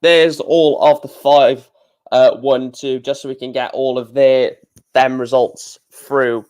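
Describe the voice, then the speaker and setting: A man's voice: mid-range voice, steady tone, slow, darkish tone, smooth. A man hosting a live stream, chatting casually, reading out match results and answering his chat with lots of fillers. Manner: chatty, reads out scores and chat, many fillers.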